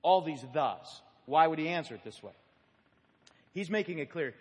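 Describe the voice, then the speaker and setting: A man preaching an expository sermon, teaching in an animated way, stressing key words and putting questions to the congregation. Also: medium pitch, normal speed, slightly rough. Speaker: pastor. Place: church sanctuary. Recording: echoey church hall.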